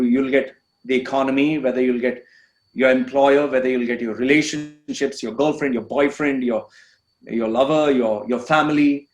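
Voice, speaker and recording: A man from India, a podcast guest, telling his personal story with earnest, emphatic, repetitive phrasing. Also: mid-range voice. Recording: echoey room.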